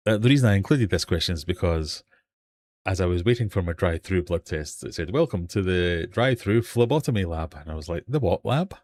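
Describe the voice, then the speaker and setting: Jokey quizmaster, low voice. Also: male voice, animated, fairly quick, darkish tone. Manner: jokey, self-mocking quizmaster. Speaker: livestream quiz host. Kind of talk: live quiz hosting chat. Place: home fish room.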